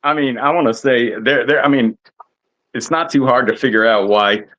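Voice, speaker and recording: A man joins a casual panel chat, his voice sitting in an ordinary middle pitch. He explains his point at length, often stopping to restart a sentence before getting it out. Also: normal speed, fairly bright tone. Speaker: panel guest.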